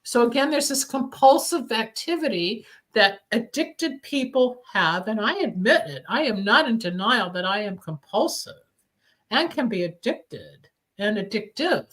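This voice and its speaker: On a rough recording, a woman with an animated, fairly bright voice on the high side talks a little slowly. She is hosting a radio talk show from a Los Angeles studio, rambling candidly about recovery in casual conversation with the odd cough.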